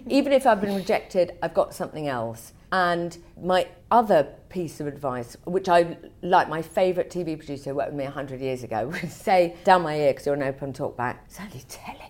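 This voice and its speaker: A woman in her forties talks as a guest in a relaxed chat. Her pitch swings widely as she mocks herself and slips into playful voices for quotes. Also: a little fast, hardly any pauses. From England. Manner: lively, self-mocking, acts out quotes in funny voices. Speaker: guest, broadcaster. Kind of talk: casual chat.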